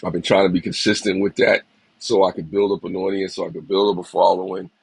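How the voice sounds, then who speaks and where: Fast and flat, his low-pitched voice carries vocal fry and a breathy edge; the recording is rough, with no room sound. A slightly sick man in his forties with a small cough, he runs a casual motivational livestream, encouraging and reflective, and greets people by name.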